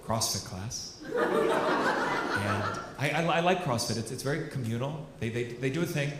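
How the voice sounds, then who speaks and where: A man's voice: medium pitch, huge pitch swings, unhurried. Brash foul-mouthed male stand-up comic. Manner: brash, profane, teasing the audience. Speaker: stand-up comedian. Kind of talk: stand-up crowd work. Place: comedy club stage. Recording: noisy live club recording.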